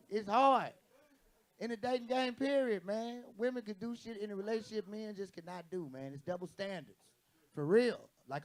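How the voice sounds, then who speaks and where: A brash stand-up comedian, a man with a high, gravelly voice. He swears freely and acts out the people in his stories on a comedy stage, speaking into a handheld mic. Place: comedy stage with live audience.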